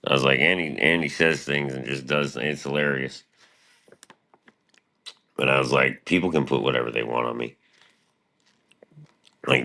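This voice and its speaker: A man's voice: rumbling low, sharp tone. A middle-aged man streaming, talking in a profane, meandering, laid-back monologue. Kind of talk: casual rambling monologue.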